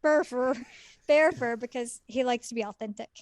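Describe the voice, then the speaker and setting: Podcast guest, female, high voice, quick dry quips, dry close sound. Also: no room sound. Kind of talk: casual chat.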